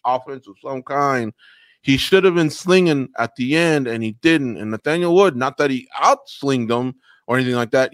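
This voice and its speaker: A man co-hosting a podcast, chatting casually about fights in an animated way and slipping into mock voices. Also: fairly high pitch, no room sound, studio quality. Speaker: podcast co-host. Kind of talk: casual MMA recap chat.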